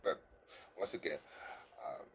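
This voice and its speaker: A slightly bright male voice, with a bit of background noise, delivers earnest, coaching-style dating tips straight to the camera. The talk is casual but halting: he repeats words, stumbles frequently, and keeps checking "you understand?"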